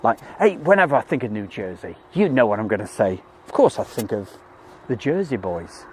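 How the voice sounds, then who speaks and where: A man's voice: fairly low pitch, sing-song, fairly quick, darkish tone, slight background noise. A man hosting a live plane-spotting stream, chatting jokily and reading out viewer messages. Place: outdoors at an airfield.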